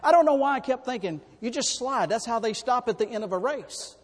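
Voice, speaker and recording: High-voiced preacher in an echoing hall. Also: male voice, fast talker. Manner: folksy, animated storytelling with sudden loud bursts. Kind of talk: sermon with personal stories. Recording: long hall reverb.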